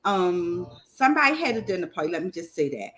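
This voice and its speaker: A woman's voice: lowish voice, sing-song, fairly quick, fairly bright tone. A woman from Maryland with a Southern lilt to her speech, hosting a casual online chat and laughing often. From Maryland, USA. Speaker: host.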